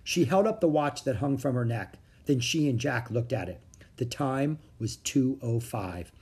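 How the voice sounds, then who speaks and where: A reader narrating a children's book in a steady storytelling manner. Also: medium pitch, measured pace, breathy edge. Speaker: audiobook reader.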